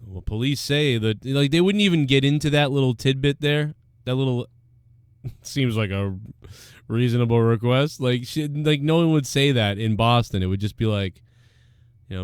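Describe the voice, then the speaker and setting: A man's voice: medium pitch, normal speed, clear, resonant tone, dry recording, clean studio sound. A man hosting his own show, rambling crudely and profanely in casual commentary. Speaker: show host. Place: Boston area.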